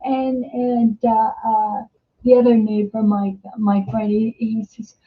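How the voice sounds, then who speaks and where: A middle-aged woman hosts a live stream in a relaxed, casual way, with a voice that sits a little high for a woman. She tells stories with lots of energy, often repeating her words and tripping over her starts. The sound is dull and lo-fi, like typical stream audio. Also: takes it slowly. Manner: animated storyteller, laughs often, repeats words and stammers. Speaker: host of a live interactive show. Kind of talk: casual live-stream chat, reading viewer comments.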